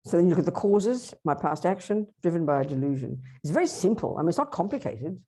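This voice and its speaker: Woman teaching a buddhist workshop, kinda low warm voice, lively, throws questions at the room. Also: quick pace, slightly rough. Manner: lively, acts out inner voices and asks the audience questions.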